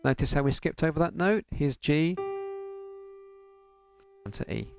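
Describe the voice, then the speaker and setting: A man's voice: on the high side, expressive, a little slow, creaky. A man teaching an online piano lesson, patiently counting beats aloud and singing rhythm syllables.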